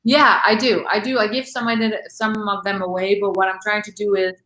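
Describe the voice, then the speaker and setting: A woman talks casually as an interview guest, chatty and full of fillers and quick laughs. Her voice sits at an ordinary pitch. The room around her rings with echo. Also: level tone, bright, forceful tone. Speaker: guest actress and recording artist.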